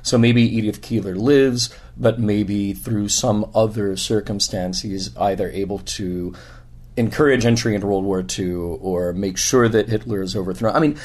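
Low-voiced man with a scratchy voice. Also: fairly even intonation, normal speed, darkish tone. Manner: musing, enthusiastic, restarts often. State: scratchy voice after a convention. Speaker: podcast host. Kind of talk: casual conversation. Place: hotel room.

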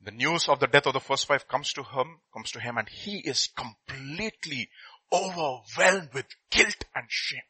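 A middle-aged man telling a story in a sermon, swinging between loud and hushed. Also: medium pitch, animated, normal speed, breathy edge, dry recording, low-quality recording.

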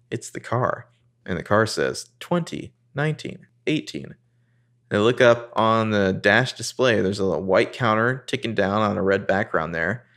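A man co-hosting a casual podcast, recapping a TV episode and quoting the characters in excited voices. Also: creaky. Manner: animated, jumps into high voices quoting characters.

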